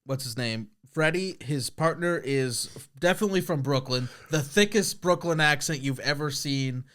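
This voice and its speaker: Higher-voiced man recapping a movie. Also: moderate pace, fairly bright tone. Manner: jokey, acts out quoted lines. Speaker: podcast co-host. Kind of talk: casual movie discussion.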